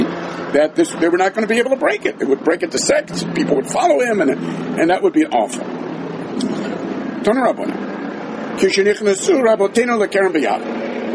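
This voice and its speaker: A man's voice: high voice, background noise. A man teaching a Talmud class, mixing Hebrew and Aramaic terms into his English, acting out the quoted dialogue and adding dry, wry asides. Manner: acts out the quoted dialogue with a changing voice.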